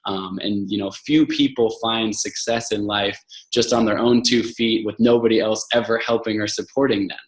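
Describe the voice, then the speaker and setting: A man's voice: on the low side, steady tone, moderate pace, roomy sound, poor audio. A man speaking earnestly and reflectively as a podcast guest, with frequent fillers and restarts. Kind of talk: casual interview talk.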